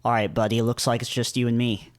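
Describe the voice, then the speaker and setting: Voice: mid-range voice, flat delivery, fast, voice pushed down, close to an everyday voice. A reader putting on a brash mock-British goat-man. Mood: swaggering. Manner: swaggering, profane.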